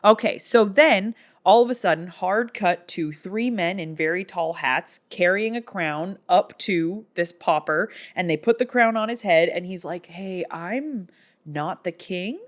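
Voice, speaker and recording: Woman vlogger, lowish voice, casual sarcastic movie recap. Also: measured pace, hardly any pauses. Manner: sarcastic, jokey storytelling.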